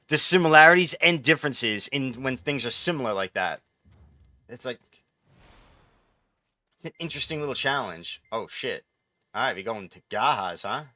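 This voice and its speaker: A man's voice: medium pitch, bright, forceful tone, dry recording. A man chatting casually on a live gaming stream, rambling and swearing as he answers chat. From New York.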